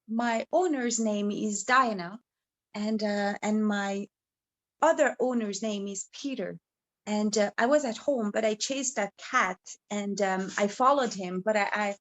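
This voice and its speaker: A woman's voice: mid-range voice, measured pace, fairly bright tone, close to an everyday voice. A woman voicing a pampered, well-mannered young female dog who speaks in a prim, fretful way. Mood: pleading.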